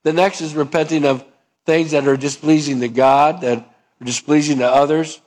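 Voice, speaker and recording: A man preaching a sermon, asking his listeners questions and dropping low and soft on key points. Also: steady tone, moderate pace. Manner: acts out both sides of dialogues, rising pitch for the stubborn voice. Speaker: pastor.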